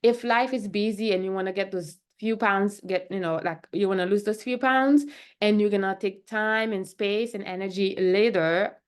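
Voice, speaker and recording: Woman doctor with a middle-pitched voice, talking casually to the camera in a chatty way and checking in with the listener. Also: fairly even intonation, normal speed, smooth. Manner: chatty, keeps asking "right?" and "okay?". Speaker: functional medicine doctor.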